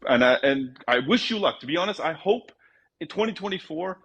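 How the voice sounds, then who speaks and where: A man's voice: fairly high pitch, animated, brisk, a bit bright, breathy edge, dull audio. A man calling into a debate show, ranting at length and swearing about politics. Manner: long-winded ranting, swears. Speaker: caller. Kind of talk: call-in debate.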